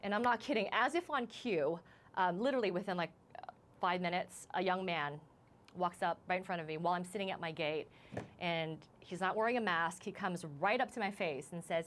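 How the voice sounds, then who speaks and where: A female news correspondent from the United States, with a lowish and somewhat bright voice, speaks as a live interview guest. Her delivery is halting and full of restarts, and her voice trembles from being shaken.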